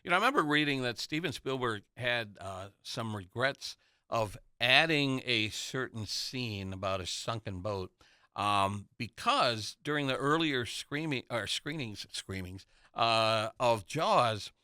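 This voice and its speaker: A man's voice: medium pitch, animated, a little slow, pushed and bright, clean tone, no room sound, clean studio sound. A man on a casual movie podcast, telling film trivia anecdotes with enthusiasm. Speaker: podcast co-host.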